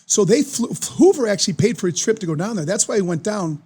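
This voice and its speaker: A man, telling a story as a podcast guest in an excitable, animated way. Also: high-pitched, fast talker, slightly rough. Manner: animated, excitable storyteller who acts out quoted voices. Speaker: podcast guest, former football player. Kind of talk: casual storytelling.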